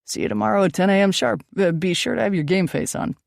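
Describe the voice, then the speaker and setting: Woman voicing a jokey ghost hunter guy, teasing and breezy, bit of gravel, dry sound. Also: medium pitch, fast, no room sound. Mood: brisk. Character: joking eccentric young male ghost hunter. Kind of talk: audiobook dialogue.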